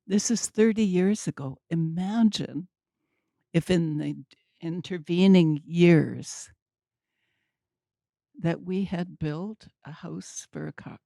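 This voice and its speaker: Older woman, low gravelly voice, mellow tone, unhurried wry storytelling, dry close sound. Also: no echo. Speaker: speaker at a community talk. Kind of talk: storytelling talk.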